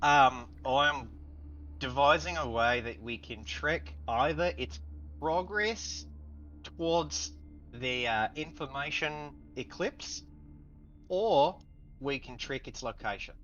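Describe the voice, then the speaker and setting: A man's voice: medium pitch, animated, takes it slowly, sharp tone. A man voicing a rambling, jittery scientist. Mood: anxious. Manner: rambling, restless. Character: anxious fidgety male scientist. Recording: muffled lo-fi mic.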